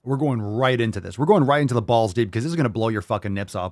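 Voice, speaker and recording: A man's voice: quick pace, hardly any pauses, a crowd in the background, noisy background. A man hosting a fitness podcast, ranting bluntly with plenty of swearing. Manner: blunt and profane, with sudden jumps in pitch. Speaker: podcast host.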